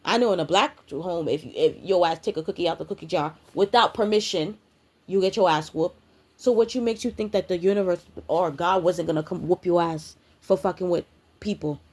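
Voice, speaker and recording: A woman's voice: lowish voice, brisk, darkish tone. Blunt, profane woman ranting. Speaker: spiritual content creator. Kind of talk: ranting vlog monologue.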